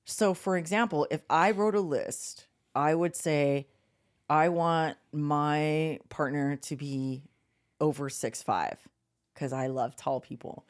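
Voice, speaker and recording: A woman on a podcast, one of its co-hosts, tells stories in a low-pitched voice and takes her time with them. Her casual, animated delivery includes free swearing and acted-out quotes.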